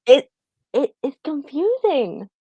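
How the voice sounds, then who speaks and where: A woman's voice: high-pitched, very animated, takes it slowly, dark tone, no echo. A young woman chats on a fan podcast in a blunt, casual way, dropping swear words and laughing easily. Her audio sounds a bit dull and muffled, and it is dry and close. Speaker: podcast co-host.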